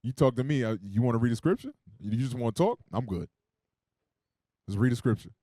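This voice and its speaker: Fast, animated preacher man. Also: medium pitch, no room sound, studio quality. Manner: animated and joking, shifts between loud emphasis and quiet asides. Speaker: preacher teaching a Bible class. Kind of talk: sermon with call-and-response scripture reading.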